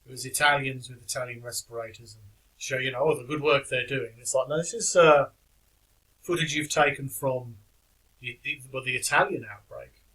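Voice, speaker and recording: A man's voice: medium pitch, steady tone, normal speed, sharp tone, low-quality recording. A man giving casual reaction commentary on videos in a dry, wry, skeptical manner, with the odd chuckle.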